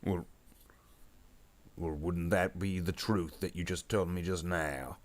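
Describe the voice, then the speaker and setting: A man's voice: deep voice, steady tone, slow pace. A man voicing a dim, bossy male orc warboss who blusters, gets muddled and makes threats. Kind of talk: improvised comedy skit while painting.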